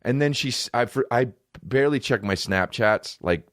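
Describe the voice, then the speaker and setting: A man's voice: medium pitch, expressive, moderate pace, fairly bright tone, no echo, studio quality. A man hosting a podcast, delivering a heated, profane rant with emphatic repetition. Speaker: podcast host and comedian. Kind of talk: profane ranting monologue.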